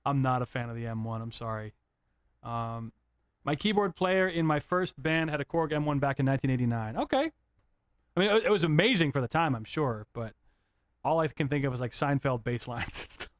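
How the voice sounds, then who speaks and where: A middle-aged man streaming live, chatting casually about synths; he rambles, gets excited and keeps apologizing. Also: mid-range voice, brisk, dry recording, clean studio sound. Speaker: synth livestreamer. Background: faint synth music.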